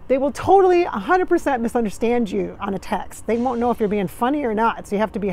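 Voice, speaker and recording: A woman's voice: fairly high pitch, animated, fast, hardly any pauses, a little mellow. A woman from Minnesota, channeling in a chatty way with dry sarcastic humor, recorded outdoors at sunrise. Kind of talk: casual spiritual channeling talk.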